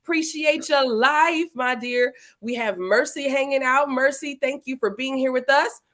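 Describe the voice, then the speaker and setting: A woman's voice: high-pitched, normal speed, a bit bright. A woman hosting a live interview stream, chatting casually and playfully and greeting viewers by name. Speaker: livestream host. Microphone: livestream setup.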